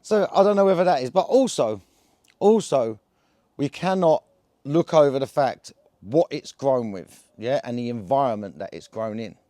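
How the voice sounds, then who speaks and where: A man's voice: medium pitch, expressive, moderate pace, dark tone, no echo, clean studio sound. A man talking casually to camera in a rambling vlog. His speech is slangy and loose, full of fillers and "yeah?" checks. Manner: slangy, chatty, full of fillers and tag questions. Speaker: cannabis vlogger.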